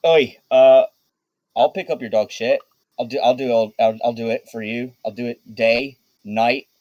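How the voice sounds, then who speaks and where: A man's voice: medium pitch, steady tone, normal speed, a little mellow, no echo, dull audio, close to an everyday voice. A man voicing a wobbly, flustered male shipmate who stammers and repeats himself. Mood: eager.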